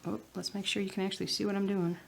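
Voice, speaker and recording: Talking at a racing pace, this Southern-accented woman has a gravelly, mid-pitched voice with a level tone. She's a cross-stitch vlogger working at home, keeping up relaxed chatter, mumbling to herself and occasionally dropping to a whisper.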